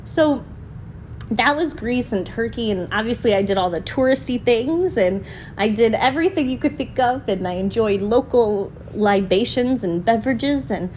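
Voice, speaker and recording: A woman's voice: a little high, lively intonation, normal speed, a little mellow, a little hiss or hum. A woman hosting a podcast, talking in a casual, heartfelt monologue that often turns emotional and is full of "you know" fillers. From United States. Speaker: podcast host.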